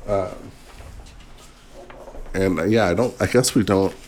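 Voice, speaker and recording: A man's voice: low voice, a little slow, a little mellow, slight background noise. A man co-hosting a podcast, talking casually and hesitantly with plenty of fillers. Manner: hesitant, filler-heavy, laid-back. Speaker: podcast co-host. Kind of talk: casual chat during an unboxing.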